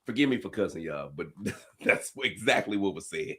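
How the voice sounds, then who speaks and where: A man telling a funny family story as host, dropping to low asides and bursting into high laughing shouts. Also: lively intonation, normal speed. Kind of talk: storytelling comedy reaction.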